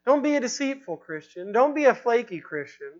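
A woman's voice: on the high side, big pitch swings, a little mellow. Earnest woman preaching, dull lo-fi sound. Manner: emphatic, repeating lines for effect; ends in prayer with slow, drawn-out phrasing. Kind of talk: sermon. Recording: dull, lo-fi recording.

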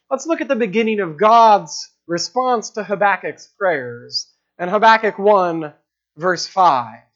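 High-voiced man preaching earnestly. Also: lo-fi sound. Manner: earnest, emphatic preaching with slow dramatic pauses. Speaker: pastor. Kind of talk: sermon.

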